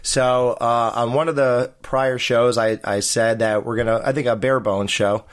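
A man hosts a podcast in casual conversation, rambling along with plenty of fillers and restarts. His voice sits at a medium pitch, with fairly even intonation and a normal speaking speed.

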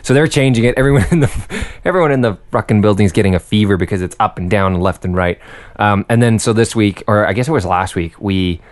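Young man ranting with a low voice. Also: fast talker. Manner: ranting, swears freely, jokey. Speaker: podcast host. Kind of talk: casual chat.

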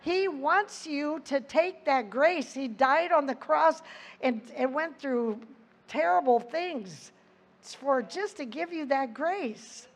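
A woman's voice: high voice, lively intonation, takes it slowly. A woman giving an earnest Bible teaching, reading scripture aloud with her own asides. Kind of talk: sermon.

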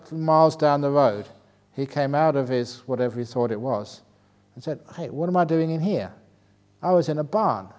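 An older man, a Buddhist monk, giving a dharma talk at a retreat, telling anecdotes, chuckling at his own jokes and rising into animated rhetorical questions. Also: mid-range voice.

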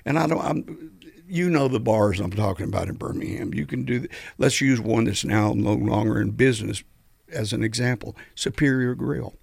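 An older man, his voice gravelly and fried at the edges. He tells road stories with animation and lectures firmly about the music trade. The sound is close and dry. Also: medium pitch, normal speed, no echo. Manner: animated storyteller, preachy about the music business. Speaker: guest musician. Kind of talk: storytelling in a podcast interview.

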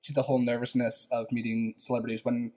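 Man, co-host, animated, casual storytelling. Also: medium pitch, quick pace. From United States. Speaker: podcast co-host. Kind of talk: casual chat.

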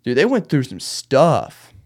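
A man's voice: medium pitch, wildly swooping pitch, a little slow, a little mellow, husky. A man hosting a solo late-night podcast, venting in a rambling, restless way and laughing through his anger. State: agitated, wound up. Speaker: podcast host. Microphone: podcast microphone.

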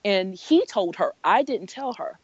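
A woman's voice: mid-range voice, unhurried, breathy edge, dry recording, muffled recording. Woman telling her story, laughing often. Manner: laughs often, quotes people in lively voices. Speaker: guest. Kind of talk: candid personal storytelling.

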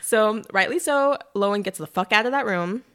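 A young woman casually retelling a novel on a chat podcast, animated, with quick asides and lots of "like". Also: mid-range voice, clear, resonant tone.

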